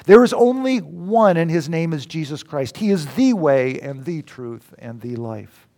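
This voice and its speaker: High-voiced preacher swinging loud to whisper. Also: male voice, animated, unhurried. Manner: dramatic swings from loud exclamations to near whispers. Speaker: pastor. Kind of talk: sermon.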